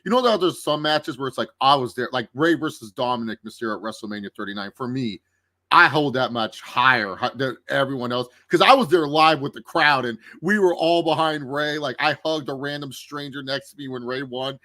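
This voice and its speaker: A man chatting casually as a guest on a wrestling review show, rambling and excitable, often repeating words. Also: mid-range voice, fairly quick, no echo, studio quality. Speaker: guest commentator. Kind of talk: casual chat.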